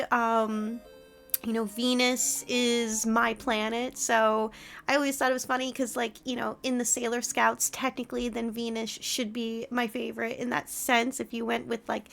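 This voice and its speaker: A woman's voice: fairly high pitch, gravelly, pushed and bright. A young woman streaming from home, chatting casually with her viewers, gushing and giggly as she greets them. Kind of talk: casual live-stream chat.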